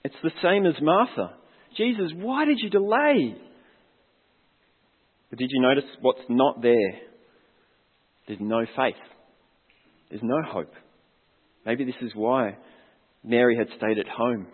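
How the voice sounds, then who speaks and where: A pastor preaches a sermon in an unhurried, mid-range man's voice with a breathy edge and frequent pauses. Earnest and reflective, he poses questions to his congregation, and the audio sounds tinny and phone-like with long hall reverb.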